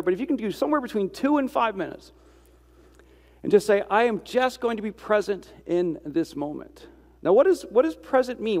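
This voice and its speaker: Man, high-pitched, easygoing devotional speaker who asks the audience questions and teases himself, long room echo. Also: darkish tone. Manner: rhetorical questions and self-deprecating asides. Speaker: speaker giving a reflective Christian talk. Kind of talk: conversational devotional talk.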